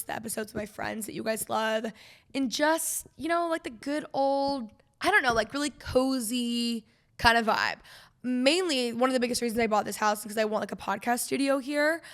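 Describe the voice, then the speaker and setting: Bright chatty young woman host. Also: a little high. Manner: chatty and rambling, heavy with "like". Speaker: podcast host. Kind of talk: casual solo podcast chat. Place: her living room at home.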